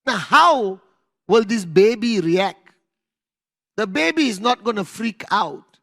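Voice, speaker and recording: A man giving a motivational talk to an audience, telling animated stories, acting out scenes and asking the crowd questions. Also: high voice, slow. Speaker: motivational speaker.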